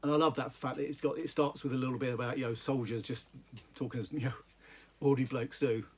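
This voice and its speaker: A man reading from a book aloud and discussing it in a halting, thoughtful way, with frequent restarts. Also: mid-range voice, steady tone, husky. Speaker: book reviewer.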